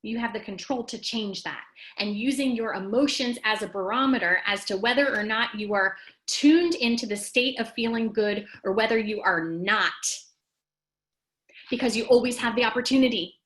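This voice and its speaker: Animated, emphatic woman with a raised pitch. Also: normal speed, rough recording. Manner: animated and emphatic, rising high when making a point; talks straight to the audience and reads out their comments. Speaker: host of a live wellness talk. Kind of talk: casual motivational talk to viewers.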